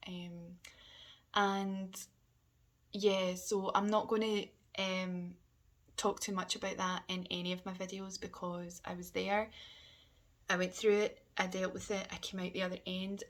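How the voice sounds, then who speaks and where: A woman talking candidly in a personal vlog, hesitant and halting, often sinking to a soft near-whisper. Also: lowish voice. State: emotional. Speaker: vlogger.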